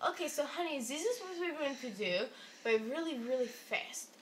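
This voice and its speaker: A woman imitating a hurried female nurse with a thick Russian accent and broken grammar. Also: sits high, animated, crowd noise, pitched above the performer's own voice.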